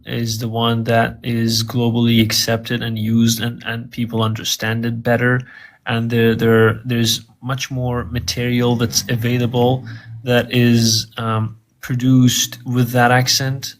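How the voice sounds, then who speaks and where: Earnest male guest, mid-pitched, stumbles and restarts as he explains. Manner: earnest, repeats words while thinking. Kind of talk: interview answers.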